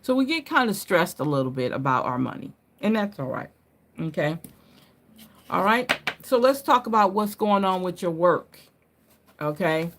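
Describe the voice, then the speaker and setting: A woman hosts a live card reading in a loose, chatty way, tagging nearly every point with "right?" or "okay?". She laughs off her own mix-ups. Her pitch jumps up when she gets excited and settles lower and softer as she goes on. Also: normal speed, a little hiss or hum. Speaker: card reader.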